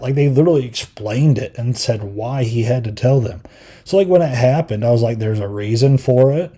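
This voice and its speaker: A man's voice: medium pitch, fairly quick, warm tone. A man hosting a podcast, giving a rambling, filler-heavy review in casual chat, exasperated and given to acting out quotes in mocking voices. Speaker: podcast host.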